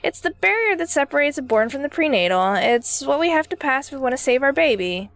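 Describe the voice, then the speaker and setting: A woman's voice: high-pitched, big pitch swings, brisk, fairly bright tone, soft background music, full character voice. Woman reading a weary, offhand dream wanderer. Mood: matter-of-fact.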